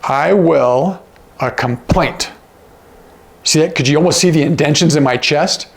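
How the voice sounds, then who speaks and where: A man's voice: a little high, a little slow, gravelly, a little hiss or hum. A man teaching sign language in a casual, demonstrative way, often checking in with "okay?" as he explains. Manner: demonstrative, asks frequent check-in questions.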